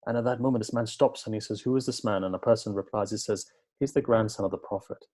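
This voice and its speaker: A man's voice: lowish voice, quick pace, darkish tone. A man giving a sermon, telling stories and acting out quoted dialogue, with earnest, repetitive emphasis. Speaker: speaker at a religious gathering. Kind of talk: sermon with storytelling.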